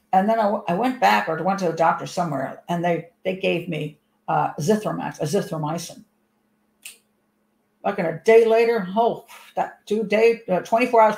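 A woman's voice: mid-range voice, vocal fry, darkish tone. Chatty woman host in an echoey room. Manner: rambling, chatty storytelling with frequent restarts. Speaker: host and commentator. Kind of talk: casual commentary to camera.

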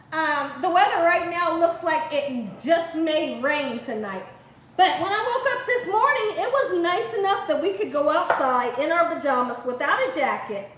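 A woman's voice: sits high, a bit bright, a little hiss or hum. A woman from Ohio hosting a home cooking show, chatting and laughing with her viewers as she cooks. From Columbus, Ohio. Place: home kitchen. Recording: echoey room, voice far from the mic.

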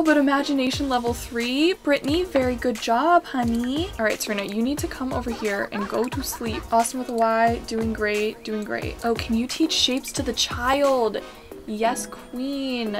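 A young woman giving casual commentary on a life-sim game, excitable and anxious, talking to the characters on screen. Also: on the high side. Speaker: gaming YouTuber.

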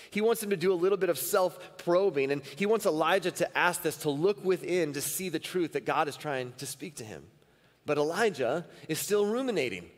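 A man preaching a sermon as pastor at a church service, earnest and repeating phrases for emphasis. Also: high-pitched. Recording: long reverb of a church hall.

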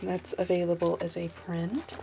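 Young woman, hoarse and sleepy from allergies, rambling with ums, gravelly voice, faint hiss. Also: lowish voice, level tone, moderate pace. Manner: rambling and giggly, lots of ums and asides. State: stuffy and losing her voice from allergies; tired, short on sleep. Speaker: artist showing her sketchbook. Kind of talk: casual sketchbook flip-through vlog.

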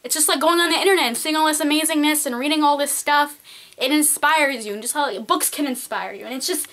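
Bright high-voiced peppy teen girl. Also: fast. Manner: peppy and encouraging, talks straight to viewers. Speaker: art vlogger. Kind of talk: casual advice vlog. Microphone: camcorder mic.

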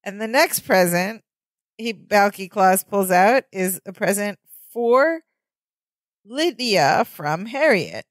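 A woman's voice: mid-range voice, takes it slowly, no room sound. A woman co-hosting a podcast, chatting casually as she retells a sitcom episode. She jumps into playful voices for the characters. The sound is dry and close. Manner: animated retelling with voiced quotes. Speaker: podcast co-host. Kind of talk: casual recap chat.

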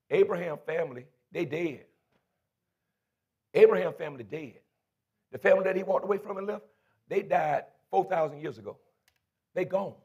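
A man preaching a call-and-response sermon in church, building from low teaching to shouted praise. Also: slightly rough. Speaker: bishop preaching. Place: church before a congregation.

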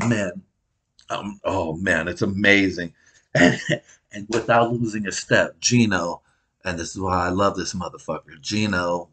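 A man's voice: lowish voice, fairly bright tone, breathy edge. A man telling a profane, rambling comedic recap of a reality show, swearing constantly and laughing at his own jokes.

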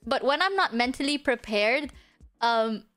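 A woman with a high, girlish voice talks casually to her stream viewers, rambling with plenty of fillers and little laughs. Now and then she drops into a hushed whisper. Soft music plays faintly underneath. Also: animated, measured pace. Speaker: vtuber streamer. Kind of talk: casual livestream chat.

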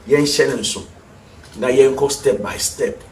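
A man's voice: medium pitch, measured pace, recorded from a distance, background noise. A man with a Ghanaian accent teaching a piano lesson for TV, repeating terms and quizzing the viewer. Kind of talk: TV music lesson, mixing English and Twi. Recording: echoey room, voice from off the mic. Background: piano notes.

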